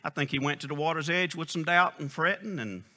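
A man's voice: a little high, fairly quick, bright, forceful tone. A man preaching a sermon in an emphatic, folksy storytelling style. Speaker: pastor.

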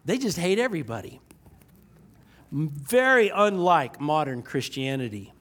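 High-voiced man preaching a sermon. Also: sing-song, a bit bright. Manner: sarcastic, slows down to stress key lines.

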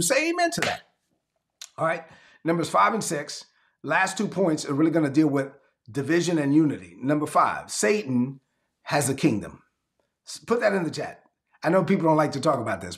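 This pastor preaches with a high voice that swings widely in pitch, pressing rhetorical questions and reading scripture aloud. Underneath it all runs a gravelly rasp.

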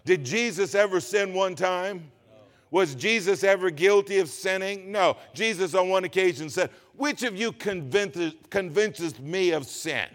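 A man preaching a sermon as pastor, reading scripture slowly and swinging between loud emphatic lines and quiet asides. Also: sits high. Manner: reads scripture slowly with stress.

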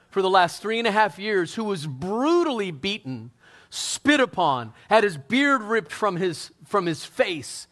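Animated male pastor preaching. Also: high-pitched. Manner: animated storytelling, acting out scenes, conversational. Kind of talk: sermon.

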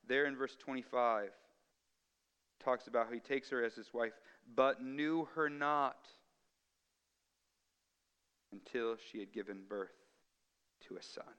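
A man delivers a sermon with a bright, smooth, ringing voice. He drops to near whispers and then builds to emphatic peaks. His words trail off into the long reverb of a large hall. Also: mid-range voice, fairly even intonation, normal speed, long pauses. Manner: dramatic swings from hushed to emphatic. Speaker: pastor.

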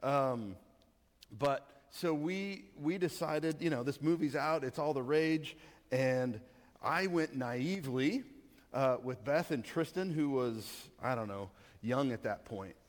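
A man preaching a sermon as pastor, telling a story in an animated, rambling way with many fillers. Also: mid-range voice, measured pace. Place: church hall. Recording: long reverb of a church hall.

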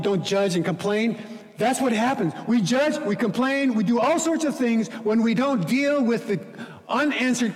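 A man preaching as pastor, earnest, dropping quiet for scripture reading and rising to emphatic pleading. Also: sits high, long reverb tail. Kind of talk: sermon.

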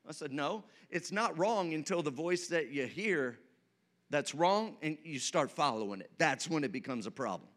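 A man's voice: fairly high pitch, animated, normal speed, fairly bright tone. A man preaching a sermon as pastor, leading the congregation in call-and-response and telling light stories.

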